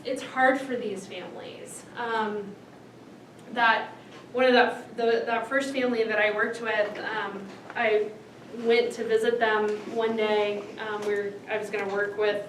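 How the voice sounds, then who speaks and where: A woman who speaks on autism and families gives a storytelling lecture in a lecture room, her voice fairly high. She animatedly acts out other people's voices as she tells stories to the class, sounding a little far from the mic, with room echo and a faint background hum.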